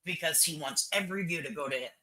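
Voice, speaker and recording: A woman's voice: low voice, fast, pushed and bright, rough recording. An older woman hosting a livestream, chatting bluntly and opinionated, repeating herself and swearing freely. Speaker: livestream host. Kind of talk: casual chat with viewers.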